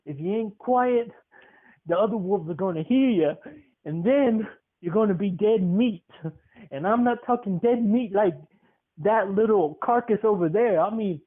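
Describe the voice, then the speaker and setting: A gritty old grandma hosts a wildlife show, giving tips in a folksy, instructive way, as a man puts her on. The voice sits high. The recording is thin and phone-like. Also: unhurried. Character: tough older grandmother hosting a wildlife show. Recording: tinny phone-like sound.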